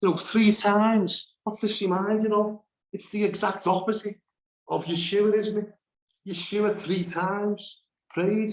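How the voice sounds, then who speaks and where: A man teaching a Bible study, animated and laughing between his points as he reads scripture aloud. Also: high voice, a little slow, echoey room.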